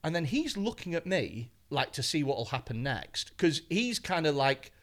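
Lively comic, bright voice and swinging pitch, sweary storyteller, acts out the parts. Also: male voice, moderate pace. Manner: animated, expletive-laden, acts out voices. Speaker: comedian guest. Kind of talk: anecdotal storytelling on a podcast.

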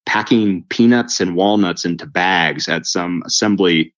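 A man telling his faith story in a conversation, lively, acting out the voices of the people in it. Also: low-pitched, a little slow, muffled recording. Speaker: guest telling his testimony. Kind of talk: storytelling interview chat.

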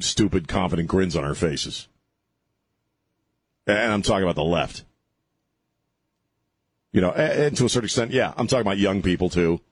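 A man's voice: low-pitched, breathy edge, no echo. A man hosting talk radio, ranting sarcastically through an opinionated monologue and often restarting his sentences.

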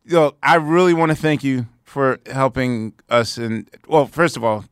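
A man's voice: medium pitch, unhurried, smooth, no room sound, studio quality. A man hosting a podcast in casual chat, telling rambling anecdotes full of "like". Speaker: podcast host.

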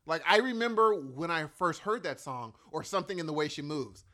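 A man's voice: fairly high pitch, brisk. A man in his forties in casual chat, telling emotional stories and acting out what people said. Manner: animated, emotional storyteller with acted-out quotes.

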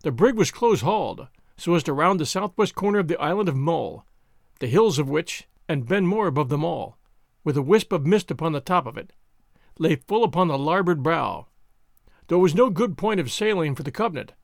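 A man hosting and narrating an audiobook with a steady, expressive reading. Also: a little high, brisk, gravelly, no echo, clean studio sound.

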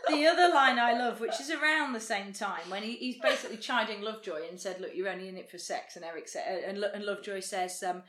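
A woman's voice: medium pitch, quick pace, hardly any pauses, a bit bright, echoey room. A woman chatting casually about a TV show, quoting favourite lines and laughing as she talks. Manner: enthusiastic, quotes lines, laughs while talking. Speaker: podcast co-host.

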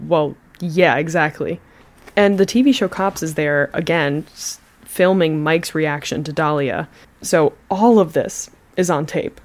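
A woman's voice: low voice, measured pace. Chatty woman telling a crime story. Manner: chatty, laughing asides. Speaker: podcast host. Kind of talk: casual true crime storytelling.

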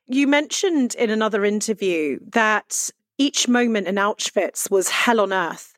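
Woman, interviewer, empathetic questioning, mid pitch, dry close-mic sound. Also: animated, measured pace, hardly any pauses, dry recording. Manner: warm, emotionally open questioning. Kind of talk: podcast interview.

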